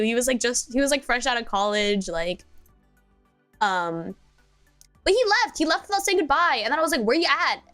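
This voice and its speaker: A woman's voice: on the high side, a bit bright. A young woman streaming, telling a rambling story with lots of fillers and giggles. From United States. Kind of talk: casual chat.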